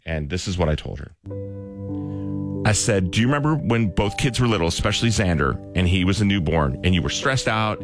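A man in his thirties hosting a radio chat show, telling a heartfelt family story with self-mocking jokes. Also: low voice.

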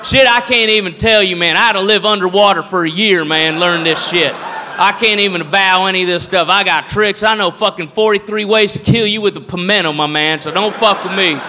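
A man's voice: sits high, fairly quick, sharp tone. A man doing a drunk blustering redneck brawler. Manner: blustering, swaggering threats. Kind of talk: stand-up comedy bit. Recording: live hall reverb with faint noise.

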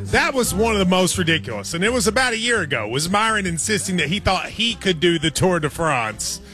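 A man's voice: high-pitched, very animated, a little fast, bright, forceful tone, faint music behind. A man co-hosting a sports radio show, chatting eagerly and laughing easily with his partner. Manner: enthusiastic, laughs easily, reads sponsor copy.

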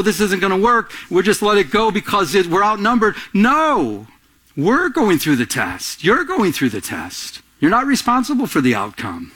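A middle-aged man preaching a sermon to a congregation, animated and storytelling, calling out to them for responses. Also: fairly high pitch. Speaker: pastor. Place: church before a congregation.

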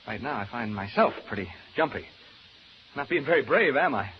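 An actor playing a lonely, nervous radio announcer alone in a haunted house, stammering and rambling in an old radio drama. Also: male voice, medium pitch, expressive, normal speed, dull audio, a little hiss or hum, lightly acted. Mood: uneasy. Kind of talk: 1940s radio drama acting.

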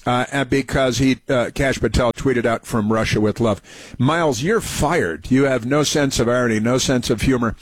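A man's voice: medium pitch, normal speed, no room sound. Sarcastic male talk radio host. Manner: sarcastic, mocking, full of hesitant fillers. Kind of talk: political talk radio commentary.

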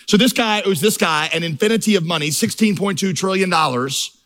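Fervent preaching man, slightly high voice. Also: brisk, a bit bright. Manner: storytelling, building to fervent crescendos. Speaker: pastor. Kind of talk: sermon.

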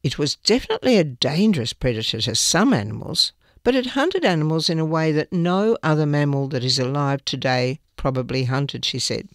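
A man's voice: a little high, expressive, brisk, fairly bright tone, dry recording, clean studio sound. A man reading newspaper articles aloud, with small slips now and then. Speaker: newspaper reader.

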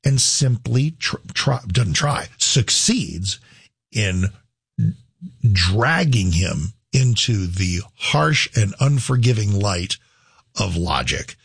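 Middle-aged male talk host, rambling and casual; low, husky voice with a dry close sound. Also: no room sound. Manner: rambling, with many restarts and asides. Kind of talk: casual talk-show monologue.

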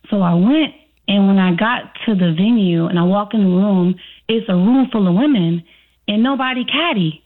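On a tinny, phone-like recording, a Chicago-born self-trust coach with a slight accent answers interview questions as a guest, acting out her own internal dialogue. She speaks at a moderate pace in a medium-pitched voice.

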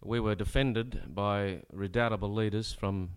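An Australian man with a lowish, steady, clear and resonant voice performs a comic rhyming ballad on stage at a measured pace. Between rollicking rhymed verses, he drops dry, sardonic spoken asides.

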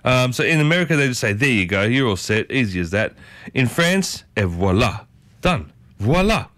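On his morning radio show, an Australian-accented host talks a little fast in a mid-range voice, recorded with no echo. He's chatty and playful, bouncing eagerly between ideas.

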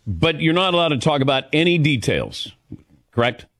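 A man hosting a casual interview. His pitch swings widely as he talks, and his questions have a light, teasing edge. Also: very animated, moderate pace, fairly bright tone. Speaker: interview host.

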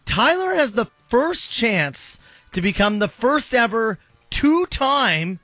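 Bright, high-voiced, lively male radio co-host. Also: slow pace, no room sound. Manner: lively, teasing, playful quizzing. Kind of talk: casual radio banter.

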